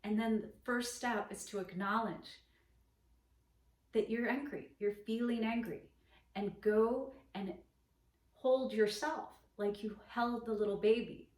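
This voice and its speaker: A woman yoga teacher speaks in an unhurried, gentle, reflective way, letting her words settle. Her voice sits a little away from the mic, with a roomy echo around it. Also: a little high, fairly even intonation. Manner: slow, gentle, reflective teaching with soft closing blessings. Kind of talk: spoken dharma talk. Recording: echoey room, voice from a distance.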